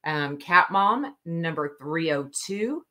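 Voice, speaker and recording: A woman hosting a live stream to sell custom cups, talking casually and slowly with lots of ums. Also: sits low, lively intonation, pushed and bright. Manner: slow, drawling, many ums. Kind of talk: casual live sales chat.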